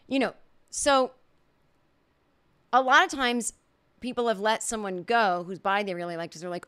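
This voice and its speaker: A woman's voice: mid-range voice, expressive, a little fast, pauses often, a bit bright, clean tone. A middle-aged woman hosting a podcast, telling a funny story in a casual monologue and acting out the quoted reactions. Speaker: podcast host.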